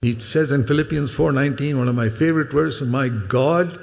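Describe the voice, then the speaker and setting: Older male preacher with a gravelly voice. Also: medium pitch, normal speed, hardly any pauses, darkish tone. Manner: earnest, emphatic, repeats key words; speaks directly to children in the congregation. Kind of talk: sermon. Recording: long hall reverb.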